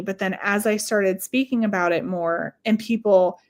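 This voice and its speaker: A woman's voice: medium pitch, moderate pace. A woman who is a psychic medium and manifestation coach, speaking as a podcast guest in a candid, profane way and telling her story by quoting her own past thoughts. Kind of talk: casual storytelling in a chat.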